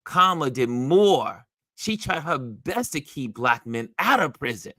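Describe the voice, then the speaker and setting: A man hosting a casual livestream, animated and emphatic, reacting to viewer comments and laughing often. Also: medium pitch, moderate pace, dry recording, studio quality. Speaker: livestream host.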